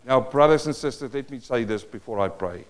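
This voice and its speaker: A male pastor with a South African accent delivers a sermon. His delivery moves between near-whispered asides and loud, emphatic lines. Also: medium pitch, a little fast. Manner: dynamic preaching, swinging between hushed and loud.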